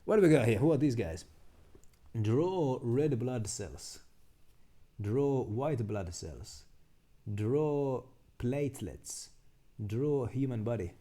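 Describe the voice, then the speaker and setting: During casual live-stream chat, a man reads memes aloud and tries to work them out. His pitch swings widely, but his tone stays mellow and dark; he's animated yet slow, pausing often, muttering, restarting sentences and laughing at the jokes.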